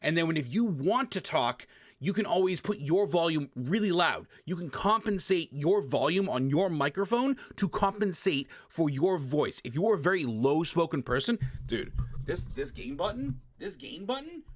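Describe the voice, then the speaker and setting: A man's voice: on the high side, normal speed, dry recording, studio quality. A man streamer giving a casual, emphatic tutorial, swearing and repeating himself, talking past a desk microphone at his home gaming setup. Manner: emphatic, repetitive, swears, animated sound effects. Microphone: desk microphone, often turned away.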